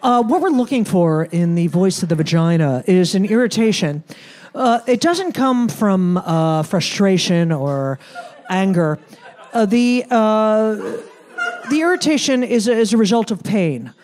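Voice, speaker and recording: A woman doing a pompous slow ad man. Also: sits high, expressive, darkish tone, voice pushed down. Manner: slow, ponderous, self-important. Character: pompous older male ad writer.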